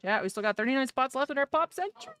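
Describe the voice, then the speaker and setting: A woman's voice: a little high, very fast, fairly bright tone. Woman hosting a card-break stream, easygoing and jokey, calling out viewers by name. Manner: greets viewers by name and jokes with chat. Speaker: livestream host opening trading card packs. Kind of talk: casual livestream chat.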